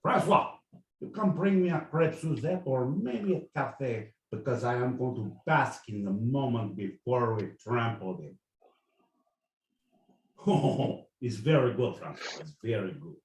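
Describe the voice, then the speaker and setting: A man putting on a pompous French army officer with a mock French accent, high and loud. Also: animated, unhurried, reverberant, recorded from a distance, poor audio. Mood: smug. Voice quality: exaggerated, laughing, high and loud.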